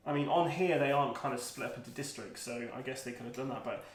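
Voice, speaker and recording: A man's voice: mid-range voice, fast. A man in his thirties co-hosting a board game review, asking questions and steering the casual chat. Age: 30s. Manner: inquisitive, steers the conversation. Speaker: board game channel co-host. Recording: roomy sound, mic at a distance.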